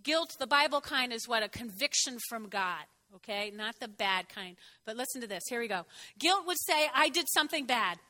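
A woman preacher delivering a conversational sermon, getting the congregation to repeat phrases after her and jumping in pitch for emphasis. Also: moderate pace. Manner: expressive, jumps in pitch for emphasis.

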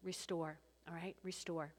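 A woman pastor preaching a sermon in a church, lively and animated, acting out voices from the story. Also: lowish voice, measured pace. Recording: long reverb of a church hall.

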